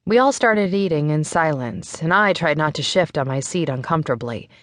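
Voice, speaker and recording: Low-voiced woman narrating an audiobook. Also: animated, normal speed, no echo, studio quality. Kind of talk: first-person scripted narration.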